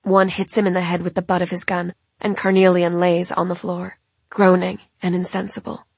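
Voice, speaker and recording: Breathy woman reading a novel. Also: fairly low pitch, level tone, darkish tone, dry recording. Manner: measured, dramatic storytelling. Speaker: audiobook narrator. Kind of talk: first-person novel narration.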